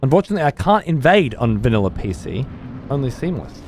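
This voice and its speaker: A man's voice: medium pitch, big pitch swings, quick pace, darkish tone, slight background noise. A man streaming a video game, commenting on play and ranting at his chat with heavy profanity. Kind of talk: live gameplay commentary.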